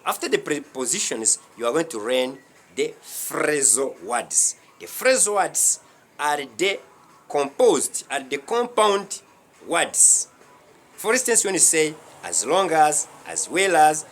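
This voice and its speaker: A man from Rwanda teaching a beginner English lesson, speaking deliberately, repeating key words and checking in with "huh?" as he goes. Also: fairly high pitch, a bit bright, a little hiss or hum.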